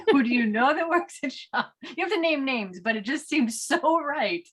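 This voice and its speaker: A woman's voice: sits high, animated, moderate pace. A woman at a poetry reading, giving her own friendly, amused comment and passing on audience remarks. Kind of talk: casual comments.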